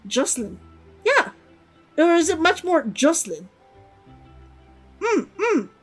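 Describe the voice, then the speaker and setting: A woman's voice: very high-pitched, sing-song, unhurried, faint music behind. A woman streaming a game, chatting casually and giggling as she answers her chat.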